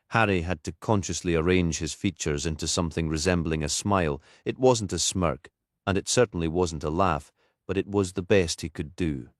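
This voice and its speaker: A man narrating a detective novel in a measured storytelling manner, as an audiobook. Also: low voice, dry recording, clean studio sound. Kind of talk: scripted narration.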